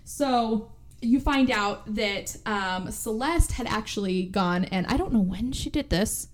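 A woman's voice: fairly high pitch, lively intonation, slow, slight background noise. A woman co-hosting a podcast, recapping a movie in casual chat, acting out the characters' lines and swearing freely. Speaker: podcast co-host.

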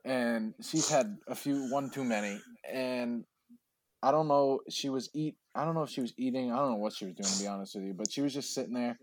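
A man's voice: mid-range voice, fairly quick, no room sound. Rambling man in a dry room. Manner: rambling, heavy use of "like". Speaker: storyteller. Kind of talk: casual chat, retelling a story.

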